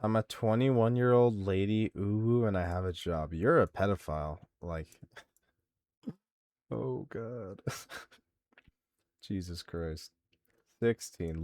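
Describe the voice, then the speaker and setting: A low-pitched man streaming live, reading viewer answers aloud and tearing into them with crude, mocking exasperation. His voice sits close and dry on the mic, with no room sound around it. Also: lively intonation, takes it slowly, pauses often, dark tone, no room sound. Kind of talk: casual live-stream commentary.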